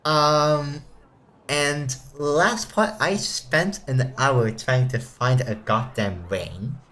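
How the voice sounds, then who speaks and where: A young man hosting a casual let's play, chatting and reading game text aloud quickly and flatly. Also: mid-range voice. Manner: reads game text aloud fast and flat. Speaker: gamer.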